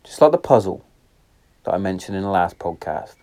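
Swearing man rambling in a podcast. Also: brisk. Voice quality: heavy swearing, rambling and tangent-prone. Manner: laughs often, swings between loud excitement and low quiet reflection. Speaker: podcast host. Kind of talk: casual solo podcast monologue. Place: garden shed.

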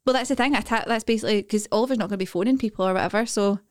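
A woman's voice: mid-range voice, very fast. Chatty woman co-hosting a podcast. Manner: chatty, swearing, laughing often. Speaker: podcast co-host. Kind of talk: casual chat.

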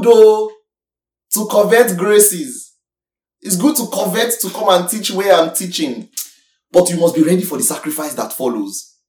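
A preacher giving an emphatic sermon who repeats points, swings between loud and soft, and keeps asking listeners to agree. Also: mid-range voice. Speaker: preacher teaching a congregation. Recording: echoey hall, voice from far off the mic.

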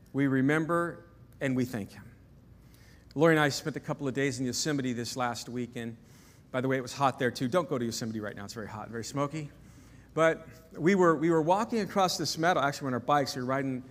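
A man in his fifties preaching a sermon, telling stories with lively energy, often repeating and restarting his words. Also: fairly high pitch. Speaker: pastor. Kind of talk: sermon with personal story. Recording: long reverb of a large hall.

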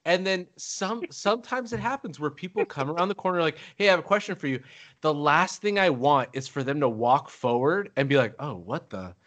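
A man tells stories on a casual podcast. He gets animated and acts out the lines of the people in his stories, bouncing between his own voice and theirs. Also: on the high side, brisk. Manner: animated storyteller, acts out quotes. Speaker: podcast host. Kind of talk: casual chat.

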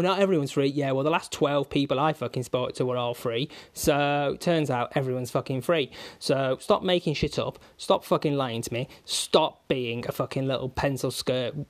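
A man delivering an angry, constantly swearing comic rant, stringing insults together. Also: mid-range voice. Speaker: vlogger.

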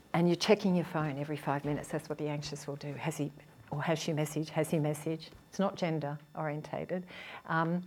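A woman who works as a relationship therapist, talking casually to an audience and acting out what partners say to each other. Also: mid-range voice. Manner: animated, acts out quoted partners, laughs often.

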